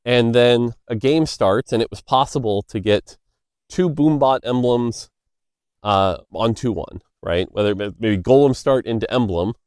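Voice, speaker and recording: A game designer chats loosely while walking outdoors by a road, answering questions in a casual Q&A monologue full of fillers and side stories. His voice is lowish, a little mellow and smooth. The sound is clean studio quality with no echo.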